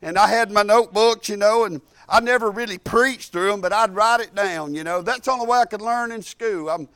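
A man's voice: high-pitched, fairly quick, fairly bright tone, clear, resonant tone, no echo. A man preaching a sermon to a church, repeating phrases and building in emphatic bursts. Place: church service.

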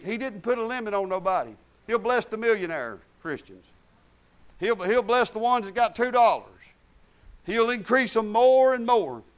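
A middle-aged man preaching a sermon in a folksy, emphatic way, repeating phrases for stress. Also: sits high.

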